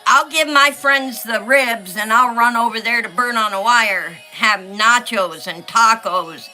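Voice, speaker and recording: Soft music plays in the background while this middle-aged woman, hosting a relaxed coloring livestream, reads viewer comments aloud. She speaks at a measured pace in a fairly high, pushed, bright voice.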